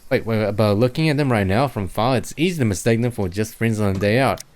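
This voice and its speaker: Young man, Kiwi accent with a Chinese tinge, lowish voice, reads game text aloud, stumbles and corrects himself. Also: quick pace, a little mellow. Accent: New Zealand mixed with Chinese. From New Zealand. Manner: self-correcting, stumbling over words. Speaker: streamer. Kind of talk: reading a visual novel aloud with chat asides.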